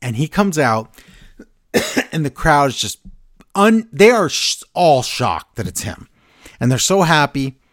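An excitable man co-hosting a casual podcast, retelling events with a lively, swooping voice. He is recorded close and dry, with no room sound. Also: on the high side, takes it slowly, no echo. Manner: excitable storyteller, recaps scenes and acts out quotes. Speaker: podcast co-host. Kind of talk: casual wrestling podcast chat.

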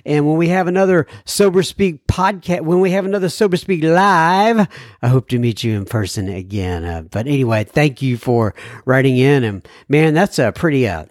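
A man's voice: a little high, animated, moderate pace, no echo, studio quality. A man hosting a podcast, reading listener emails and answering them in an earnest, encouraging way, often with filler words. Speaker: podcast host.

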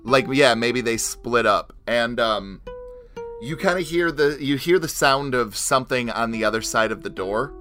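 A man's voice: medium pitch, expressive, normal speed, pushed and bright, soft background music. A man narrating as game master for a tabletop game, casual and full of fillers. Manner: casual, laughing, hesitant fillers.

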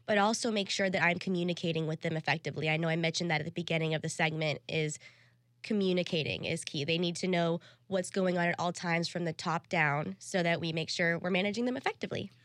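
Young woman guest, earnest and professional, lower voice, dry sound. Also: fast talker, a bit bright, no echo. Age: young adult. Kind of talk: interview answers.

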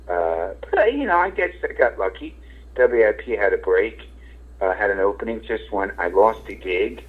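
A middle-aged man, a radio host and comedian, talking casually and frankly in an interview, rambling with lots of fillers and casual swearing. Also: on the low side. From Philadelphia. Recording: tinny phone-like radio sound.

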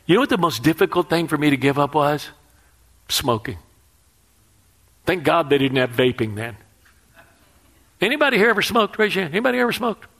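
A middle-aged male preacher tells his story to the congregation with lively energy. He often turns to the audience with questions, and his voice sits a touch high. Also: fairly quick, creaky, long pauses. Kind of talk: sermon.

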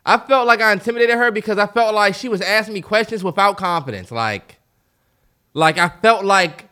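A man's voice: high voice, fairly quick, bright, forceful tone, clear, resonant tone. A man co-hosting a podcast in casual chat, blunt and emphatic, swearing freely. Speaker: podcast co-host.

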